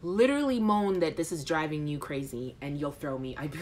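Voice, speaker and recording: A woman's voice: deep voice, brisk, slight background noise. A woman hosting a casual live chat show, reading out viewer comments in a playful, frank way. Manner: animated, playful and frank, with laughter.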